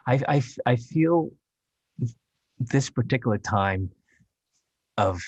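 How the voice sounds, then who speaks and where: A man who is an actor, speaking English as a later language, chatting as a podcast guest in a rambling, halting way with frequent laughs. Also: medium pitch, animated, a little mellow, slightly rough, no room sound, muffled recording. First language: Chinese dialect. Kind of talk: casual interview chat.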